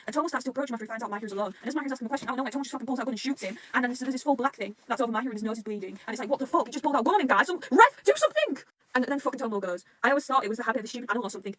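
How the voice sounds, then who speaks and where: A woman reacting to a manga arc, rambling and swearing often, swinging between rants and excitement. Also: fairly high pitch, no echo. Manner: swears constantly, rambling, quick emotional swings.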